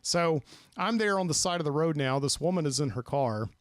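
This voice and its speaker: A man's voice: on the high side, animated, a little fast, dry recording, clean studio sound. A man hosting a podcast, telling a late-night story in a rambling, self-deprecating way and acting out the people he quotes. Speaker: podcast host. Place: studio.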